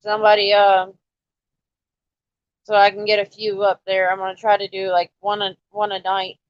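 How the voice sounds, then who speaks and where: A woman's voice: medium pitch, monotone, normal speed, smooth, no room sound, lo-fi sound. A woman casually chatting with her livestream viewers, coaxing and teasing them to join in. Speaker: livestream host. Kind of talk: casual live-stream chat with viewers.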